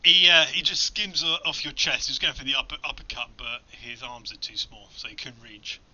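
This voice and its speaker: Bright-voiced game master, sweary. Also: male voice, medium pitch, moderate pace. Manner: loose, sweary, often laughing. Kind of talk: running a tabletop horror game. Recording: dull lo-fi recording.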